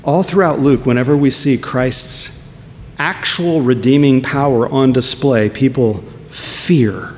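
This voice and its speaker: A man's voice: slow, a little mellow. A man preaching a sermon as pastor, earnest and full of rhetorical questions. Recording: long hall reverb with faint rumble.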